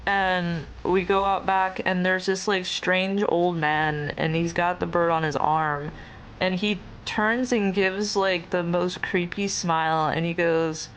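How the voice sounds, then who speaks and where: A young adult woman streamer telling a story in a casual, animated way, with lots of fillers, swearing and laughter. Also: lowish voice, slow pace, slight background noise. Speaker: VTuber streamer.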